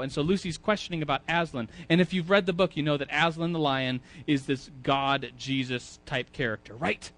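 A man's voice: fairly high pitch, normal speed, few pauses, a bit bright. A man teaching a Sunday school class in a church, talking casually, often repeating words and asking the audience questions. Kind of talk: casual sermon.

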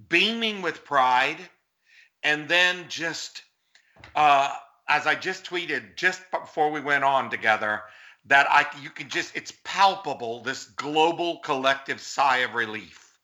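Bright-voiced, effusive man guest. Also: fairly high pitch. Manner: earnest, emotional, effusive. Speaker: political commentator guest. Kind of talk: talk show interview.

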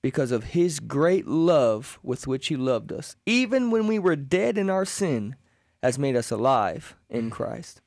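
A man's voice: mid-range voice, very animated, measured pace, a little mellow, no room sound. A man co-hosting a Christian radio talk show, earnestly reading and explaining scripture in a studio. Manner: earnest, reads scripture aloud. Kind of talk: Bible discussion on radio.

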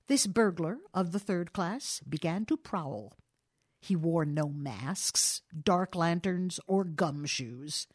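A woman reading a classic short story aloud in scripted narration. Her voice sits in a middle pitch but moves lively up and down, and she tells the tale expressively with dramatic pauses. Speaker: audiobook narrator.

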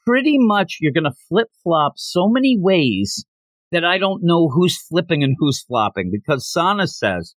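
A man co-hosting a casual comic book review, talking in an animated, lively way. His pitch swings widely as he mimics characters' lines with mock outrage. The sound is dry and close. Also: measured pace, dry recording. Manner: animated, acts out characters' lines in mocking voices. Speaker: podcast co-host.

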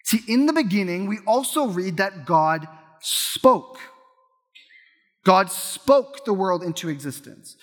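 A man in his thirties preaches to a congregation, his high, bright voice ringing through a large hall with a long tail of reverb. He tells stories in an animated way and often restarts his sentences. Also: unhurried. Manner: animated storytelling with repeated restarts. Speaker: pastor. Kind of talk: sermon.

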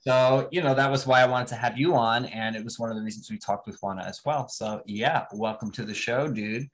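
A man's voice: medium pitch, a little fast, a little hiss or hum, low-quality recording. A man from New Jersey hosting a podcast, talking casually and bluntly, swearing freely. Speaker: podcast host. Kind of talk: casual conversation.

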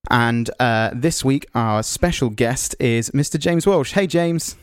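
Guy hosting a podcast, mid pitch, stumbles and repeats himself, dry mic. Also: smooth, dry recording. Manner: friendly, halting, repeats words. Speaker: podcast host. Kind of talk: casual podcast chat.

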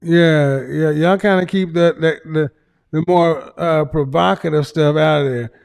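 High-pitched man lecturing emphatically. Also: fairly even intonation, unhurried, vocal fry, darkish tone, clear, resonant tone, soft background music. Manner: emphatic, repetitive lecturing with profanity. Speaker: livestream host. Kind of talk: livestream relationship advice.

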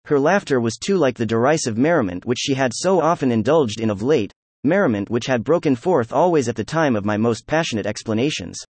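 A man narrating a novel chapter as an audiobook, in a steady, even-paced read. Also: medium pitch, a little fast, no room sound. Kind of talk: scripted narration.

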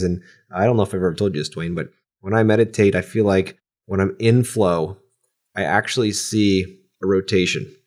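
Deep-voiced calm podcast host. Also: male voice. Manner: calm, reflective, rambling. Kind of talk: casual podcast chat.

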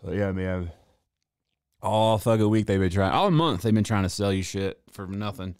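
A young man ranting on his stream in a low voice, sarcastic and swearing freely with drawling asides. The sound is dry and close, with no room echo. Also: moderate pace, darkish tone, clear, resonant tone. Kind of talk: casual profane rant.

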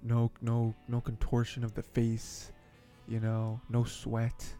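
A man's voice: medium pitch, completely flat delivery, slow pace, warm tone, soft background music. A man hosting an anime podcast, recapping episodes in a rambling, chatty way with frequent chuckles and fillers. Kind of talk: casual episode recap and commentary.

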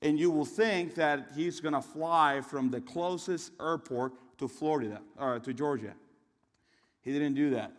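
A young man giving a sermon in a relaxed, storytelling way, often restarting his sentences and adding asides. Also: on the high side, a little slow, in a large hall. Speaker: preacher.

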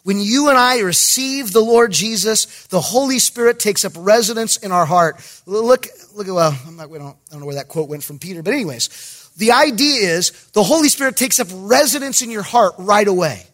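A pastor giving an emphatic sermon, with jokey asides and bursts of raised voice. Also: male voice, high-pitched, animated, a little fast, fairly bright tone.

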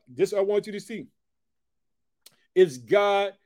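A man preaching a sermon, reading scripture slowly and loudly, then dropping to quieter asides and repeated call-outs to the listener, and praying aloud for people. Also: high-pitched, animated, no room sound, clean studio sound.

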